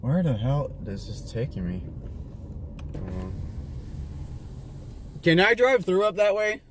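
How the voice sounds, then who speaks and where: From inside his car, a Las Vegas vlogger films a street encounter on a handheld camera, rambling to a stranger while he swears and pads his story with fillers and restarts. His voice is a little high with big pitch swings, he talks at a slow pace, and there is slight background noise.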